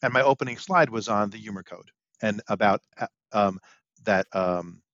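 A man co-hosting a podcast, telling a story about his improv show in a lively way. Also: on the low side, moderate pace, no room sound, muffled recording. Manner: animated storytelling, acts out quotes. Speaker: podcast co-host and improv performer. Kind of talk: casual storytelling chat.

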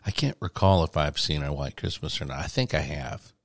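A man, co-hosting a casual chat and telling stories in a relaxed way. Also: a bass voice, a little fast, creaky, no echo, studio quality. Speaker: co-host.

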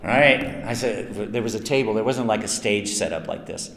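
A man's voice: on the low side, moderate pace. A man, a voice actor answering fan questions at a convention panel, telling long self-mocking stories and acting out quotes. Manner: chatty, self-mocking, lively anecdotes with acted quotes. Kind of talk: convention Q&A storytelling. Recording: echoey hall, some noise.

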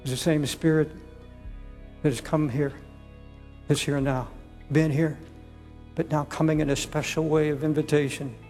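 An older man preaching a sermon, pleading slowly and repeating words as he appeals to listeners. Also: on the high side, level tone, mellow, big-room sound, faint music behind.

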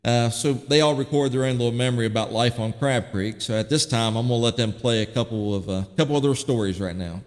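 A man hosting a recording of family memories, telling stories in a relaxed, folksy way. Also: medium pitch, quick pace, few pauses, in a large hall. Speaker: host presenting family memories. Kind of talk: casual storytelling.

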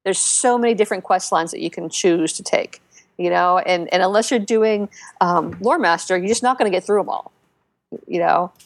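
A woman co-hosting a casual podcast, telling game stories with lots of fillers and restarts, and getting animated when she quotes other players. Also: lowish voice, moderate pace, no echo. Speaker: podcast co-host. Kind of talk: casual chat about a video game.

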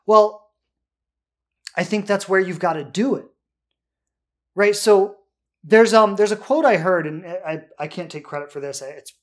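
A man's voice: sits high, measured pace, pauses often. A man coaching on relationships, answering listener questions in an earnest way and often checking in with "right?".

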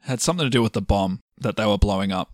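A man's voice: fairly low pitch, quick pace, no echo. A man co-hosting a podcast, chatting casually with short, dry interjections. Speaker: podcast co-host. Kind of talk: casual chat.

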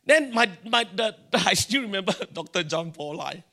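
A man's voice: high-pitched, animated, moderate pace, creaky, bright, forceful tone. A middle-aged man with a Singaporean English accent preaching a sermon, telling stories animatedly and acting out the dialogue. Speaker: pastor.

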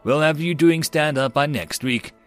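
A man's voice: fairly high pitch, moderate pace, soft background music, voice pushed up, close to an everyday voice. A man voicing a wry, often exasperated human woman diplomat who sighs through her explanations.

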